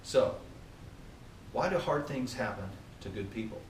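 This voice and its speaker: A man giving a motivational training talk to a group, animated and often asking his listeners questions. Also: mid-range voice, unhurried, a little hiss or hum. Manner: animated, asks the audience questions. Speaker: workplace trainer. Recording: echoey room from far off.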